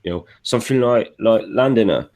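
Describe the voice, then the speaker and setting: A man with a very low voice, from Canada, speaks as a panelist at a convention. He rambles, stacking fillers and starting his sentences over, in a loose, unscripted way. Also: normal speed, a little hiss or hum. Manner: rambling, full of fillers and restarts.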